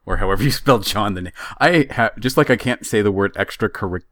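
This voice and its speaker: A man's voice: fairly low pitch, lively intonation, brisk, fairly bright tone, dry recording, studio quality. A young man hosting a podcast, telling a travel story in a casual, self-deprecating way. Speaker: podcast host.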